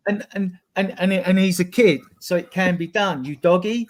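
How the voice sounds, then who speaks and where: A man giving blunt, animated opinions as a fan pundit in a casual football chat, piling up one example after another. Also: high voice, moderate pace.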